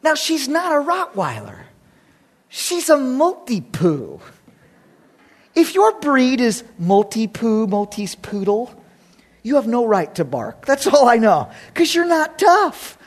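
A man's voice: very high-pitched, wildly swooping pitch, takes it slowly. A man pastor preaching a sermon, emphatic and repetitive, with humorous asides between his points. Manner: emphatic, repetitive, rising and dropping for effect.

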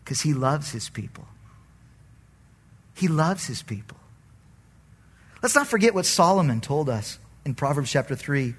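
A male pastor preaching a sermon in an animated, conversational way, with a raspy voice. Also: a little high, unhurried, long pauses.

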